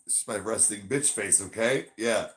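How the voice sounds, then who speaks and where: Low-voiced man chatting casually, swearing. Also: normal speed. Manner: swearing, shifts between chirpy and low flat voice. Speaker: podcast co-host; bartender. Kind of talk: casual podcast chat.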